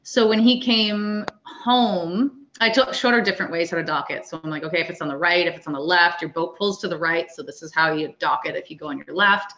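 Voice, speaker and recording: A woman with a bright, forceful voice, somewhat lower-pitched, recounts a story in casual podcast talk. She animates each quoted person as she goes. The sound is dull and lo-fi. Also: fairly quick, few pauses. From Canada. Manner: animated, acts out quoted dialogue. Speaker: guest, wakeboard coach.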